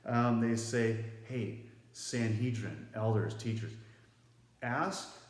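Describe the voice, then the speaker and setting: A man's voice: fairly low pitch, expressive, slow. A man teaching a Bible lesson to students in a casual, conversational way. He explains the passage, reads verses aloud, and asks the class questions. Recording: roomy echo.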